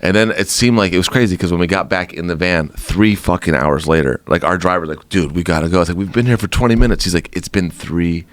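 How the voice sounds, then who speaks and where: A man, a podcast guest, telling a story in casual chat, animated and laughing, swearing and acting out quotes. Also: sits low, a little fast, few pauses, dry recording.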